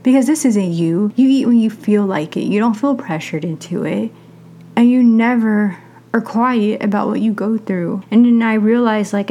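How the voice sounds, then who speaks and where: A young adult woman hosts her own podcast in a candid, conversational way, telling a personal story. Her voice sits in an ordinary middle pitch, and she lively acts out what other people said. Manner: candid, animated storyteller acting out quoted voices. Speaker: podcast host.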